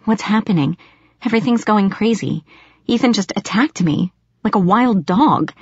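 A woman reading a shaken, frightened teenage girl who asks anxious, hushed questions. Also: medium pitch, animated, takes it slowly, husky, no room sound, pitched above the performer's own voice, heavily acted. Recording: dull lo-fi audio.

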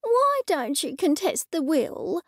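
A woman voicing a sympathetic woman friend in an audiobook, speaking gently with concern. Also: very high-pitched, big pitch swings, slow, dry recording, studio quality, voice pushed up, heavily acted.

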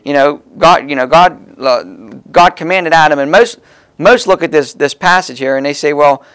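Guy preaching a sermon, easygoing and chatty, kinda higher voice, punches the big words. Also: moderate pace, a bit bright, smooth. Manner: folksy and conversational, stressing key words.

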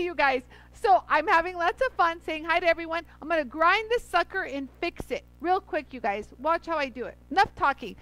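A woman's voice: high voice, fairly bright tone, dry recording, poor audio. A woman hosting a casual livestream, chatty and effusive, greeting viewers by name as she demos grinding a stone. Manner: laughs often. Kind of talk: casual livestream chat and demo.

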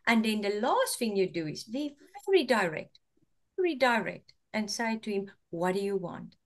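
A woman's voice: fairly high pitch, very animated, normal speed. Earnest woman coach giving marriage advice. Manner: earnest, repeats words while explaining. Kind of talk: talk show advice.

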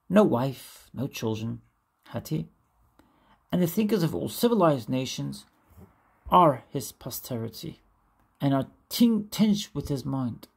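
A woman reads an old essay aloud at an unhurried pace. Her voice is husky with a gravelly edge, and her pitch rises and falls a lot. She goes carefully and restarts when a difficult name trips her up. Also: darkish tone. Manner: careful, stumbles and restarts on hard names. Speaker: reader. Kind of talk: reading a classic essay aloud.

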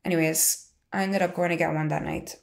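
A woman's voice: low-pitched, steady tone, fairly quick, creaky. A woman in her twenties telling a personal story in a frank, rambling, conversational way. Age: 20s. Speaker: interviewee sharing a personal story.

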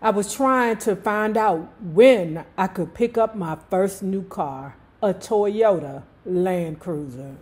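A mid-range, slightly mellow voice carries a thick D.C. accent as this Washington woman in her fifties hosts a book club. Her relaxed reading is slow and drawling, broken up by chatty, joking digressions.

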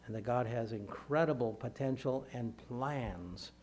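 A man delivering a sermon as a pastor, speaking in measured phrases and lifting his voice when he reads scripture aloud. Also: mid-range voice, darkish tone, slight background noise.

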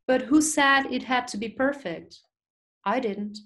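A woman with a slightly high, a bit bright voice speaks a little slowly during a live webinar Q&A. Using a small video mic or phone, she reads audience questions aloud and answers chattily, full of fillers.

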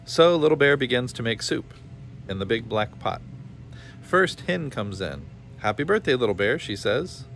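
A man reading a children's story aloud in a slow, clear manner. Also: medium pitch, sing-song, fairly bright tone, a little hiss or hum.

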